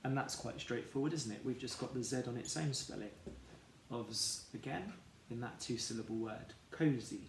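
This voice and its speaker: A man teaching a phonics lesson for children, sounding out each letter slowly and carefully. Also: medium pitch. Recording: echoey room, faint background noise.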